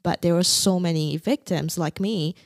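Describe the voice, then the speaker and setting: Low gravelly woman from Singapore. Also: moderate pace, dry recording, studio quality. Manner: candid, quietly recounting painful memories. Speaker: guest. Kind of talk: personal story in a podcast interview.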